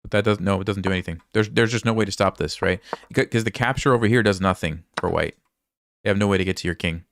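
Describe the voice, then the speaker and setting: Low-pitched male chess coach, voice going hoarse; easygoing play-by-play, dry close mic. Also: fast, no echo. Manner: relaxed, thinks aloud, asks viewers questions. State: hoarse, losing his voice, coughing. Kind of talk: casual live game commentary.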